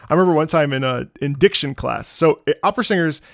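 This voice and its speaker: The streamer talks fast in a fairly high voice with vocal fry, telling his chat stories while reacting to game music. He is animated, laughs a lot, and performs the voices of those he quotes. The sound is dry and cleanly studio-recorded.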